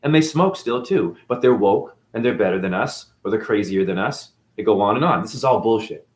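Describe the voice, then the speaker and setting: Speaking a little fast, this man has a fairly low voice with lively intonation. The recording, made in an echoey room, captures an off-the-cuff spiritual rant in which he acts as a teacher, preaching defiantly, cursing, and throwing in mocking remarks.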